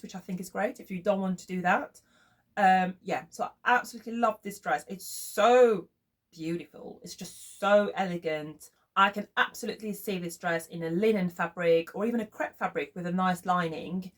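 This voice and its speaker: A woman with a French accent, whose first language is French, chatting enthusiastically as she reviews sewing patterns and thinks aloud. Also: on the low side. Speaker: sewing vlogger. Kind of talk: casual chat reviewing patterns.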